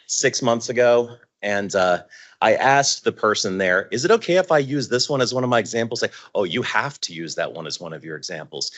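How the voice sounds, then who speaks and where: A man presenting at a user group meetup in a relaxed, self-deprecating way, with plenty of filler words. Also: sits low. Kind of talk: casual conference talk.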